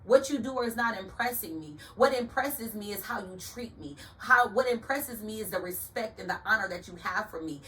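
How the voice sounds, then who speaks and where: A woman tells a personal story with a bright, forceful voice, punching her words and turning often to talk straight to her listeners. She sits a little back from the mic, so her voice sounds slightly distant, with faint room sound behind her. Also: medium pitch, normal speed, hardly any pauses, slight background noise. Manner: emphatic, animated, addresses listeners directly.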